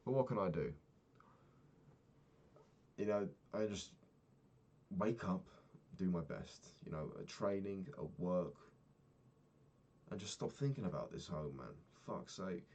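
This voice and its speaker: Low-voiced young man, subdued and sweary. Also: expressive, takes it slowly, long pauses, darkish tone. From England. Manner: low-key, heavy swearing, trailing off. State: sad, recently crying. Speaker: vlogger. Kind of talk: personal video diary.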